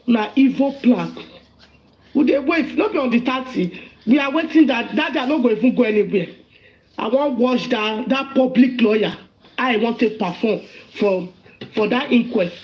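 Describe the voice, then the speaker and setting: A Nigerian woman with a high voice talks heatedly and with animation as a caller in a live audio chat. She switches between pidgin and English and sounds openly annoyed. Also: darkish tone.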